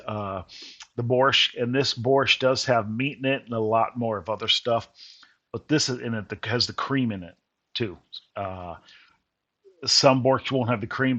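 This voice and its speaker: A middle-pitched man talks over his photos in an easy, rambling voice-over. He trails off and corrects himself as he goes. The recording sounds dull and a bit lo-fi. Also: a bit bright. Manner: rambling, folksy, self-correcting. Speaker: vlogger. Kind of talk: casual voice-over narration.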